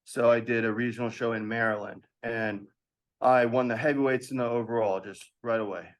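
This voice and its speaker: A man in his thirties, a podcast guest telling an animated story from his past and acting out the voices of others with laughs. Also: mid-range voice, fairly quick. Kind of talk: storytelling in a casual interview.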